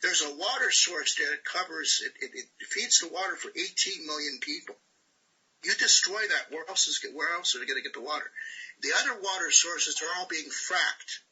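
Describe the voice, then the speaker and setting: A man's voice: a little high, moderate pace, pushed and bright, breathy edge, low-quality recording. A man delivering an impassioned, preachy rant on a group call, tagging his points with "all right?". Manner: preachy, repetitive "all right?" tag questions.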